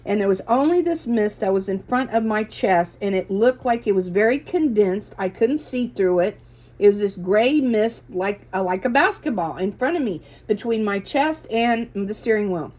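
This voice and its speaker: A woman's voice: mid-range voice, animated, moderate pace, darkish tone. A middle-aged woman earnestly telling a rambling religious testimony, often correcting herself mid-sentence. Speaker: religious video host. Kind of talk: casual testimony monologue.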